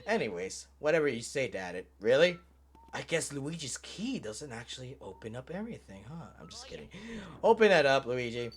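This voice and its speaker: A man's voice: medium pitch, big pitch swings, moderate pace, husky. A man giving casual gameplay commentary, rambling, swearing and laughing as he plays. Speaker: let's play host.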